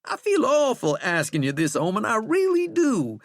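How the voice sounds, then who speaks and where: A male narrator voices a shackled, cursed man with a wry, sardonic, coaxing drawl, mocking and folksy, raised and loud with wildly swooping pitch. The delivery is exaggerated at normal speed, recorded close and dry like an audiobook with no room sound.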